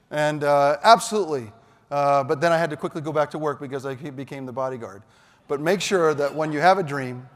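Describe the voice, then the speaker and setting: Male keynote speaker, lively storyteller, high-ish voice, long reverb of a big hall. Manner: animated, shouts punchlines. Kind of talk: storytelling speech. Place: large hall.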